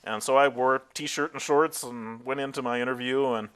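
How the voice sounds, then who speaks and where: A man's voice: mid-range voice, steady tone, moderate pace, fairly bright tone, smooth. A man interviewed as a tech company founder, telling candid stories about his career with frequent fillers and laughing at himself.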